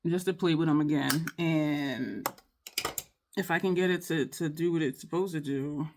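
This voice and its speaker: A woman's voice: low-pitched, normal speed, noisy background. A woman, chatting casually in a makeup tutorial, rambling and apologetic, with sighs and many restarts. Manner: frustrated, rambling, apologetic, repeats herself. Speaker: beauty vlogger.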